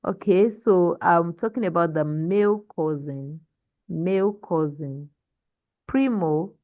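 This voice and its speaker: A woman's voice: on the low side, a little slow, dry recording, dull audio. A woman teaching a language class online, patiently explaining and modeling pronunciation for her students.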